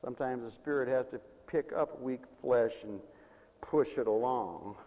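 A man preaching a sermon in a mission hall, emphatic, swinging between loud declarations and hushed asides. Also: mid-range voice, normal speed, lo-fi sound.

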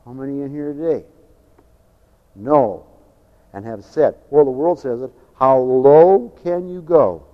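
A middle-aged man preaching a fiery sermon, swinging from loud shouts to quiet joking asides. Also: mid-range voice, a little slow, big-room sound, lo-fi sound. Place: large church hall.

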